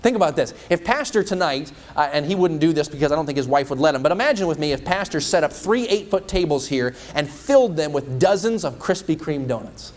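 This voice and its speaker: A man's voice: fairly high pitch, animated, brisk, hardly any pauses. A male evangelist preaching a sermon in a church. He asks the congregation many rhetorical questions.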